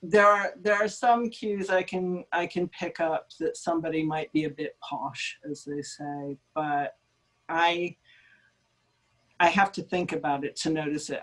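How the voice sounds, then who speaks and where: A woman's voice: deep voice, fairly even intonation, a little slow, fairly bright tone, rough recording. A woman, a linguist, chatting as an interview guest over a video call, talkative and self-deprecating with frequent ums. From United States. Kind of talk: conversational interview.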